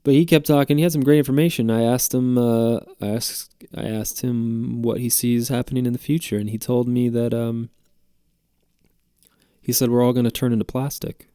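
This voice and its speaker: A man's voice: mid-range voice, steady tone, normal speed, warm tone, clean tone, no room sound, clean studio sound. A man hosting a podcast, telling a rambling, jokey story with plenty of swearing. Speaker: podcast host. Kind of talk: casual storytelling monologue.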